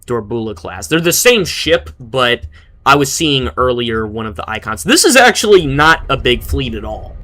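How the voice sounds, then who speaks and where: Bright-voiced chatty young gaming streamer man. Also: mid-range voice, big pitch swings, normal speed. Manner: chatty, rambling, reads chat aloud. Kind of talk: casual gameplay commentary.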